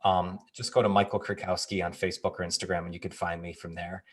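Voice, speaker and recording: A man guesting on a podcast, a personal trainer who talks in a friendly, easygoing way and tells stories with energy. His voice sits a bit low. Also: fast talker. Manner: friendly, animated storyteller. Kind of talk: casual interview chat.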